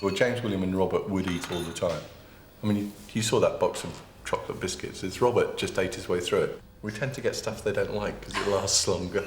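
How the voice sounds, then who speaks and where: A middle-aged father talks in an interview in a wry, good-humoured way with a fairly low voice. The room around him is roomy and echoey. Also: brisk, a little hiss or hum. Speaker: father of a large family.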